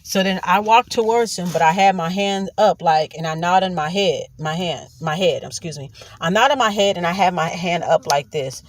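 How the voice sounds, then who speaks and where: A woman's voice: on the low side, normal speed, hardly any pauses. A woman host telling a personal story in a casual monologue, blunt and profane, with emphatic repeated asides.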